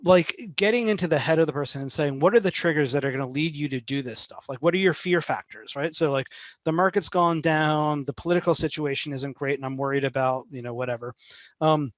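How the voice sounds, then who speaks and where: Guy on an interview, fairly high voice, animated and full of um and like, dry close sound. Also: a little fast, dry recording. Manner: animated, many fillers, acts out quoted voices. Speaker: behavioral finance guest. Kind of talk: casual conversational interview.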